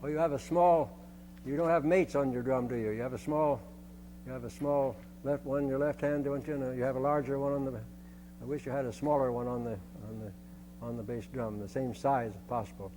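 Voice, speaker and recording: A man's voice: medium pitch, fairly even intonation, a little fast, noisy background. An older man conducting a band rehearsal, giving instructions and singing rhythms on short syllables, often repeating his phrases.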